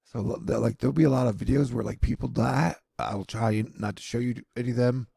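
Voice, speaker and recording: A man's voice: mid-range voice, fairly even intonation, fairly quick, creaky, warm tone, slightly rough, dry recording. A man giving casual, rambling news commentary with sardonic, self-mocking asides.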